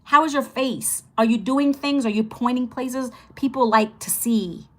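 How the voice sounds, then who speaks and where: Speaking a little slowly at a fairly high pitch, a woman in her fifties runs a casual livestream on earning income online. She greets her viewers warmly and repeats phrases while teaching, keeping things chatty and upbeat.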